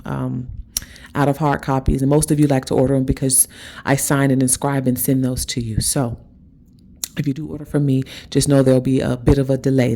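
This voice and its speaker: A woman with a low, mellow voice delivers a spiritual motivational monologue as host. She repeats her points with insistence and keeps checking in with her listeners. She stretches out key words to give them dramatic weight. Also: creaky, a little hiss or hum. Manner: emphatic and repetitive, with frequent "okay?" check-ins; slows down and drags out words for dramatic stress.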